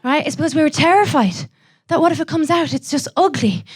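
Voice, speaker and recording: A young Irish woman doing a live stand-up set, brash and profane, throwing quick asides to the audience. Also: high voice, lively intonation. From Ireland. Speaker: stand-up comedian.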